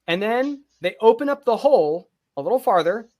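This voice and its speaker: A man's voice: high voice, expressive, moderate pace, a little mellow. A man co-hosting a podcast, telling a personal story in a casual, profane and vivid way. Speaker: podcast co-host.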